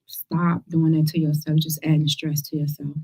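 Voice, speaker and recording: A woman's voice: sits low, normal speed. A woman from the United States hosting a cancer survivor talk show, speaking casually and directly to her viewers. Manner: lively, direct, speaks to listeners as girl and y'all.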